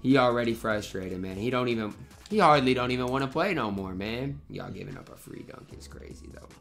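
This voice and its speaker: A man's voice: medium pitch, lively intonation, fairly quick, creaky, fairly bright tone, faint music behind. Slangy young man venting over gameplay. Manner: frustrated, trash-talking, slangy. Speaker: gaming YouTuber. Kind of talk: live gameplay commentary.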